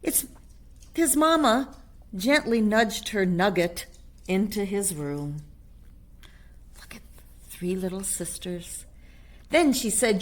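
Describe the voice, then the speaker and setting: A woman reading a picture book aloud to a child on camera, animated, with chatty whispered asides. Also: medium pitch, slow pace, pauses often.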